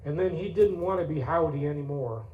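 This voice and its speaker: A man's voice: on the high side, fairly quick, a little hiss or hum. A man telling a story in a chatty, folksy way, with asides to the audience at a church service. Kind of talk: storytelling with song. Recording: echoey, tinny, loud guitar.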